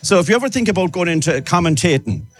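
A man's voice: sits high, animated, quick pace, soft background music. A man with an Irish accent presenting a live radio show from an outdoor event, chatty and enthusiastic. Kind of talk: live outside broadcast chat. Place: outdoors at a live outside broadcast.

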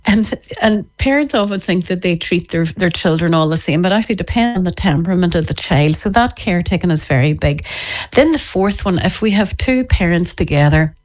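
A woman's voice: fairly low pitch, brisk. A middle-aged woman, an author on parenting, explaining in an interview and acting out what parents say. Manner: animated, acts out parents' voices. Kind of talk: podcast interview.

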